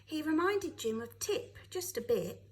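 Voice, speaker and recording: A woman, a teacher, reading a children's novel aloud with expressive storytelling. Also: sits high, unhurried, rough recording.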